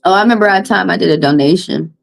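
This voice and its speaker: A woman's voice: fairly low pitch, racing, gravelly, rough recording. A woman with a Southern US accent, a tarot reader venting bluntly and heatedly to her livestream viewers on a phone mic, repeating her points.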